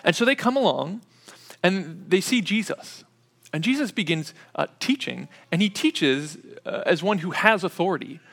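Higher-voiced man preaching conversationally. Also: expressive, vocal fry, fairly bright tone. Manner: conversational, explaining step by step with frequent pauses and fillers. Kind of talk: expository sermon teaching.

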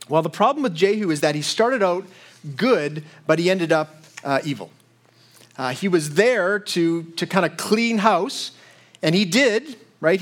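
High-voiced man preaching a sermon. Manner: conversational teaching with frequent asides and acted quotes. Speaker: pastor.

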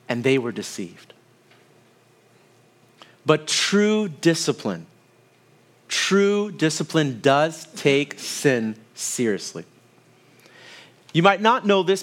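A man in his thirties preaching a sermon with a slightly higher voice than most men. He tells everyday stories and turns to address the congregation directly. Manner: storytelling with asides to the congregation. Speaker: pastor.

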